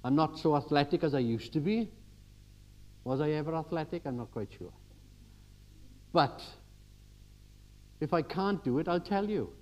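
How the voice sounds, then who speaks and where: An older man giving a church sermon, telling everyday stories and swinging from quiet asides to emphatic exhortation. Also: a little high, lively intonation, normal speed, long pauses, dull audio. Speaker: preacher.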